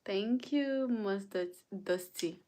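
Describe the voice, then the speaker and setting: Young woman streamer; slow, unhurried delivery; playful, teasing, dramatic with her viewers. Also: mid-range voice, mellow. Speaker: livestream host. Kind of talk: casual livestream chat with viewers.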